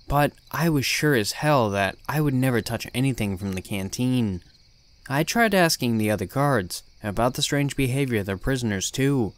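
A man reading a first-person horror story in a blunt, swearing, tough-guy voice. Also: medium pitch. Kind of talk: scripted horror narration.

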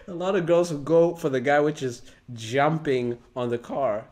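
A man's voice: on the high side, a little slow, darkish tone. A man hosting a reaction video, joking loosely and laughing as he comments.

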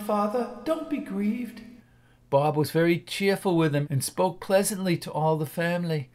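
A man narrating a classic story in a measured, hushed, expressive reading. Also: on the high side. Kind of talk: dramatic audiobook narration.

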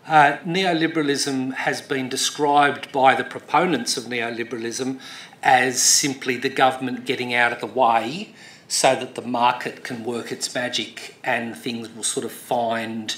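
A man's voice: medium pitch, a bit bright. Middle-aged man speaking in an echoey hall. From Australia. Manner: storytelling, many fillers and restarts; rousing and emphatic. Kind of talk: speech.

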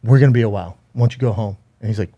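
A man co-hosting a podcast retells a story in loose, casual chat. His tone is warm and mellow. He swears freely and keeps restarting his sentences as he rambles along. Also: fairly low pitch, very fast, breathy edge, lo-fi sound. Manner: rambling, profane, with frequent restarts. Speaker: podcast co-host.

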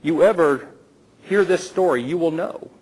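A man's voice: a little high, moderate pace, darkish tone, breathy edge, rough recording. A man telling a playful folk tale aloud to a live audience, with teasing asides to the listeners. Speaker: storyteller.

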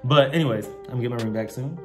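A man vlogging a prank at home, chatting casually in slang with an animated, giggly manner. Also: fast, very echoey, recorded from a distance, over music. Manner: animated, slangy, giggly, swings into high voices when quoting. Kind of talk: casual prank vlog chat. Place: home living room.

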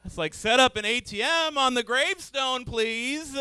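A man doing a stand-up comedy set on stage before a live audience, manic and swinging from low mumbling to yelling. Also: normal speed, hardly any pauses, smooth, dry recording.

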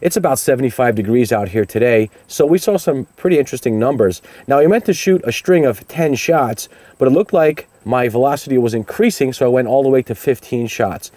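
A man's voice: mid-range voice, animated, fairly quick, dark tone, dry recording. A man hosting a product review, talking casually and upbeat as he explains each step of a demonstration outdoors.

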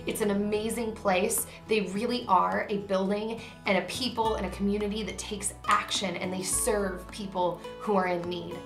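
Young woman vlogger, heartfelt and emotional, mid-pitched voice, roomy sound. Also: fairly bright tone. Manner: earnest, emotional, choked up near the end. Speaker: YouTube vlogger. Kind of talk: heartfelt direct-to-camera talk. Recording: echoey room with faint music.

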